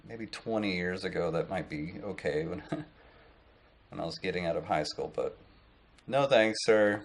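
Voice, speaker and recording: A man in his late thirties chatting straight to camera in a loose, rambling way, full of "uh"s and restarts. His voice sits on the lower side. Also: expressive, unhurried, creaky, long pauses. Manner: rambling, lots of fillers and restarts. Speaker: online business vlogger. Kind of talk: casual talk to camera.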